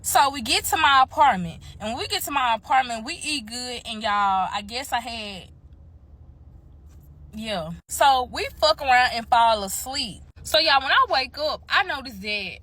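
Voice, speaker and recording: Bright, chatty woman telling a story. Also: a little high, lively intonation, unhurried. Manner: chatty, profane, addresses viewers as y'all. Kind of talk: casual storytime vlog.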